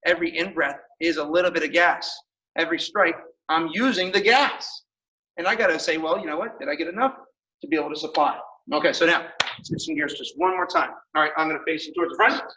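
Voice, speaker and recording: A man teaching a martial arts class, calling out commands with energetic shouts and laughter. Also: a little high, quick pace, creaky. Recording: echoey room, mic far off.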